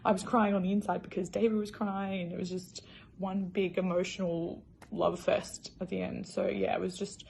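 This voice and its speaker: A woman's voice: mid-range voice, flat delivery, moderate pace, gravelly, darkish tone, a little hiss or hum. A young woman casually telling her personal story in a chatty, emotional way, full of fillers. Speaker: new mother.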